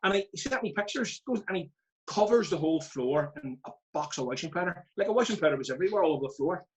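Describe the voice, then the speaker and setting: Northern Irish man telling lively stories. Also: high voice, quick pace, rough recording. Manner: lively storyteller, laughing at his own tales. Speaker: football manager, guest. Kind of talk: casual podcast chat.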